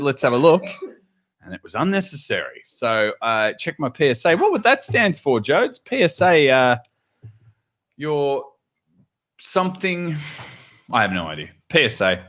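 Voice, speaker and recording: Aussie bloke hosting a chatty podcast, voice bouncing all over, cracking jokes. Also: male voice, on the high side, fairly bright tone. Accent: Australian. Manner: jokey, chatty, reads viewer comments aloud. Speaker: podcast host. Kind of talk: casual live-stream chat.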